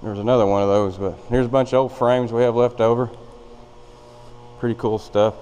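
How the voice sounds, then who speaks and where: A man's voice: medium pitch, fairly even intonation, normal speed, mellow, a little hiss or hum. A man giving a casual, rambling walkthrough of a large empty old factory, recorded on a handheld camera. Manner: rambling, plainspoken, with fillers. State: out of breath. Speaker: vlogger touring a building.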